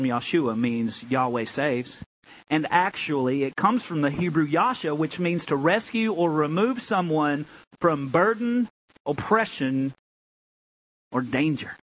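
A man with a high voice delivers a sermon as the pastor. He leans hard into key phrases, lifting and slowing them for weight. Between those peaks he settles into a low, chatty tone. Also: poor audio. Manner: emphatic preaching with sudden high, drawn-out lines; drops to a low, conversational tone for asides.

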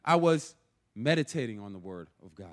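A young man preaching a sermon in a casual, animated way, often checking in with "right?". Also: lowish voice, normal speed.

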